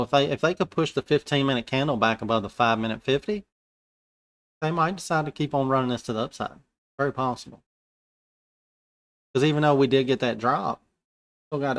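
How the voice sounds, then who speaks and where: A man's voice: mid-range voice, fairly bright tone. Man thinking aloud over live trades. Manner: informal, thinking aloud with colloquial slang. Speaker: futures day trader streaming live. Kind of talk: live trading commentary.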